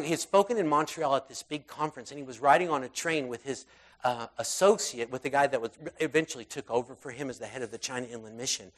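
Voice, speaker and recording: A man preaching in a relaxed, conversational way, telling stories with many fillers and acted-out quotes. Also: mid-range voice. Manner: conversational, animated storytelling with fillers and quoted voices. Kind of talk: sermon storytelling.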